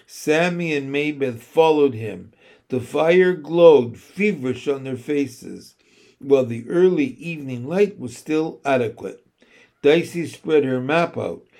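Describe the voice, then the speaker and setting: A man reads a novel aloud at an unhurried, measured pace. His voice sits a little higher than most men's, and he keeps the narration plain and steady. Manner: slow, measured reading. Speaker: audiobook reader. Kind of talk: scripted narration.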